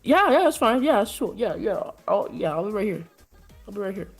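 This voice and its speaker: A woman's voice: medium pitch, big pitch swings, moderate pace, soft background music, pitched above the performer's own voice. A woman playing an awkward flirting minotaur guy. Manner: awkward bumbling pickup talk, filler-heavy. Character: flirty clumsy male minotaur bar patron.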